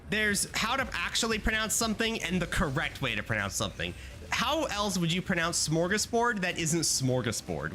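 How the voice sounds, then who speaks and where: Animated young man with a bright voice. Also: high-pitched. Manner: playful, swears, rambling rants to chat. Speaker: streamer. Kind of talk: casual gaming livestream chat.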